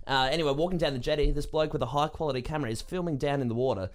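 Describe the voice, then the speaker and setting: A man's voice: fairly high pitch, racing. A young Australian man co-hosting a radio show, telling funny stories in casual banter with frequent laughs. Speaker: radio co-host.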